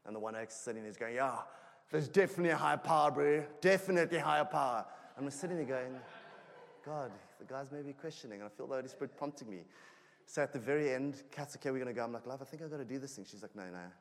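A man preaching a sermon in a conversational way, growing animated as he tells a personal story. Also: medium pitch, fast. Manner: conversational, animated when telling stories. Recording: long hall reverb.

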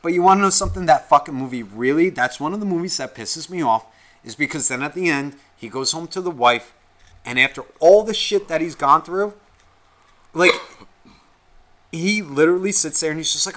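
A man's voice: sits high, lively intonation, normal speed, fairly bright tone. A young man co-hosting a podcast, ranting in a heated, rambling way and swearing constantly. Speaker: podcast co-host. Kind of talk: casual podcast rant.

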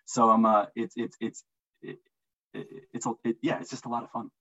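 A man's voice: medium pitch, little pitch movement, a little fast, bright, forceful tone, dull audio. A man answering interview questions in casual, enthusiastic talk, often repeating words as he gets going. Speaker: interview guest, marketing analyst.

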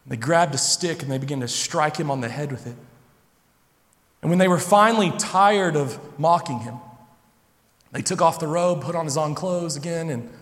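Preacher with a high voice in a reverberant hall. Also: male voice, expressive. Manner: dramatic storytelling, dropping low and slow then rising loud. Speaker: pastor. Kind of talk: sermon.

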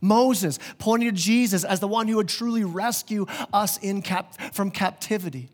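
Male pastor mid-sermon with a high-set voice; lively, restarts words often, addresses the congregation directly. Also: moderate pace. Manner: animated, stumbles and repeats words, talks straight to the congregation. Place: church.

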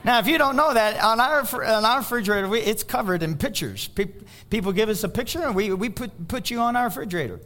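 High-voiced, animated male preacher. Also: quick pace, few pauses. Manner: animated preaching, swings from loud exhortation to hushed asides. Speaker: pastor. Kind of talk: sermon.

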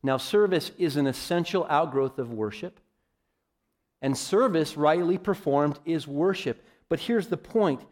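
A man preaching a sermon, emphatic, often calling his listeners "folks" and swinging from loud declarations to quiet, low asides. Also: animated, a little slow. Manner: emphatic, varies loudness widely, addresses listeners as folks.

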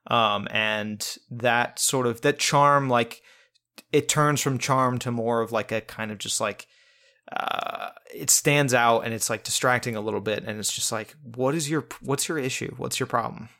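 A man's voice: medium pitch, fairly even intonation, measured pace, pushed and bright. Rambling man reviewing a film. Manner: rambling, many restarts and fillers. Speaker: podcast co-host. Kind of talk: casual film review chat.

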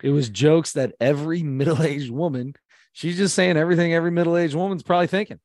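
A man's voice: fairly high pitch, fast talker, a little mellow, no echo, studio quality. A man in his thirties co-hosting a podcast, chatting casually and animatedly about a comedy special and sometimes mimicking accents. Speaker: podcast co-host. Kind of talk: casual chat reviewing comedy.

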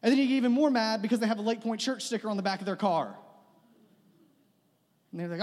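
Fast-talking yet given to long pauses, a young pastor with a high, slightly mellow voice preaches conversationally, joking at his own expense and repeating phrases. The church sanctuary gives his words a long reverb.

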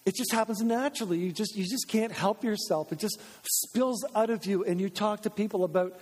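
A man delivers a lively sermon from the pulpit in a high-pitched voice. He leans on repetition and emphatic restatement. The sound trails off in a long church reverb. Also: fairly quick. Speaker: pastor. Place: church sanctuary.

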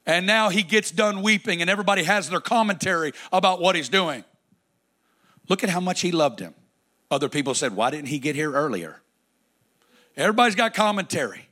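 A man preaching a sermon, dramatic, swinging between loud declarations and hushed, drawn-out lines. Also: sits high, expressive.

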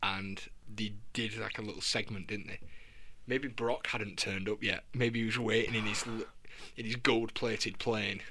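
A man co-hosting a podcast in casual chat, relaxed and chuckling as he tells stories. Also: on the low side, measured pace, slight background noise. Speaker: podcast co-host.

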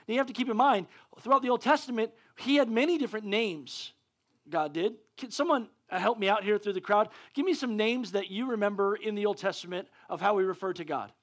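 A male preacher giving a sermon, excitable and often stumbling over restarts. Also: sits high, a little fast.

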